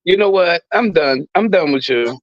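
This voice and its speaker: A podcast guest chatting casually about movies, in a relaxed, playful, drawn-out way. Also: mid-range voice, no room sound. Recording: dull, dry recording.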